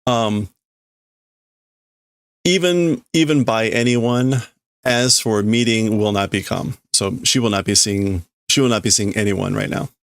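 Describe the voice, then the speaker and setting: A man's voice: on the low side, fairly even intonation, normal speed, vocal fry, dry recording, clean studio sound. A man streaming live as he reads a manga aloud and translates it, thinking aloud and hesitating over the words. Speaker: streamer host.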